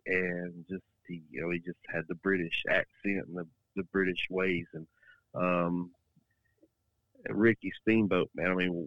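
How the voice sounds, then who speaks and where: Male podcast co-host, deep voice, laid-back, muffled lo-fi line. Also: no echo. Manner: relaxed, filler-heavy opinions. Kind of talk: casual chat.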